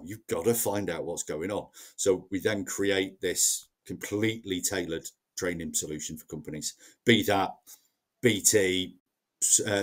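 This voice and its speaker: Northern english guy, lowish voice, plain-spoken sales trainer chatting on a podcast. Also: fairly bright tone. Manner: plain-spoken, explains step by step with acted-out quotes. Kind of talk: casual podcast conversation.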